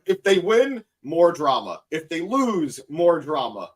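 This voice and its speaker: Lively high-voiced man with quick asides. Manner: short punchy interjections. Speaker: podcast co-host. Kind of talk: casual chat.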